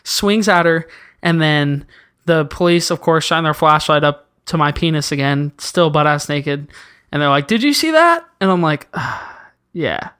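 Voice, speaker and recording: A young man casually telling funny stories, animated, laughing often and swearing freely. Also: a little high, normal speed, clear, resonant tone. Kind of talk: casual storytelling chat.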